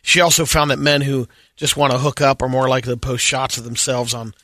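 A man co-hosting a radio show who reads out trivia and news items in a steady tone. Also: medium pitch, a little fast, no echo, studio quality. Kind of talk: casual radio chat.

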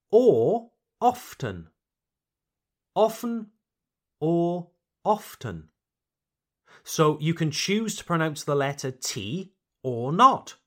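A native English-speaking man hosts a podcast pronunciation lesson, talking slowly and carefully and repeating each word for his learners. His voice sits slightly high and swoops with lively, animated intonation. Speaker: English teacher and podcast host.

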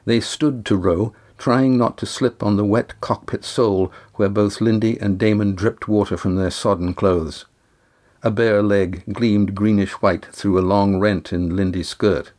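A man narrating an audiobook chapter in a steady, measured way. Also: lowish voice.

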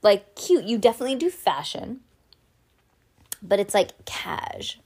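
A woman reading a children's chapter book aloud at home in a mid-range voice. She tells it with lively expression and breaks off into casual, chatty asides. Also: mid-range voice, measured pace, breathy edge. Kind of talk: storybook read-aloud at home.

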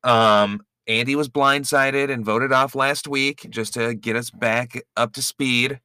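Young male podcast host, playful banter, bright crisp tone, dry close sound. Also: mid-range voice, steady tone, takes it slowly, no room sound. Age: 20s. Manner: joking, playful, talks over the co-host. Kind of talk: casual chat.

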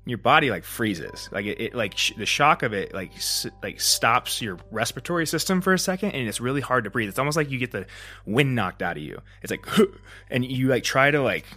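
A man hosting a solo podcast, telling a story in a rambling, casual way, full of fillers and restarts, and lively when he acts out the moments. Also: medium pitch, fairly quick, soft background music. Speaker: podcast host.

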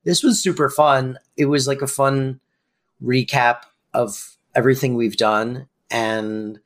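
A man's voice: medium pitch, fairly even intonation, slow pace. A young man co-hosting a podcast in casual chat, playful and jokey. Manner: playful, sings silly improvised jingles. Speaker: podcast co-host.

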